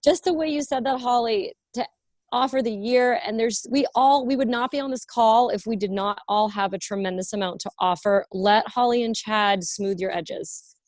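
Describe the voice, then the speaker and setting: A woman's voice: a little high, normal speed, no room sound. A woman coaching client giving a teary, gushing testimonial on a group video call. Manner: gushing, emphatic. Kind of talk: heartfelt spoken testimonial.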